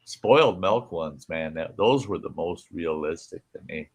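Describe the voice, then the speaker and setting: A man's voice: sits low, normal speed, fairly bright tone. A man hosting a casual campfire chat, telling rambling anecdotes and acting out what people said, laughing along. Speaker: host.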